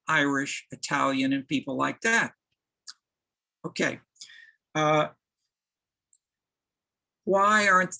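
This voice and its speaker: A man giving a university lecture, halting, with many restarts and fillers. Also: a little high, vocal fry, pushed and bright, rough recording.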